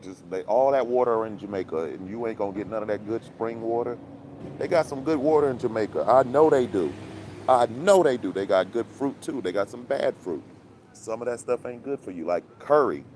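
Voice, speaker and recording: A man's voice: medium pitch, expressive, fairly quick, darkish tone, a little hiss or hum. A man hosting a casual commentary chat, talking in a preachy, conspiratorial, rambling way full of fillers and laughs, recorded outdoors. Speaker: commentary channel host.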